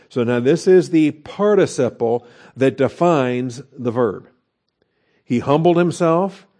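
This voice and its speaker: Man teaching scripture, mellow voice. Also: medium pitch. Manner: conversational, with many fillers and rhetorical questions. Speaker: pastor teaching Bible study. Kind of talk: expository Bible teaching.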